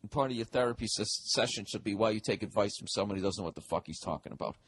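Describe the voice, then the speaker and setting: A man in his forties hosts a solo comedic podcast in a fairly low, slightly rough voice, talking rapid-fire. He rambles and swears, frequently making fun of himself.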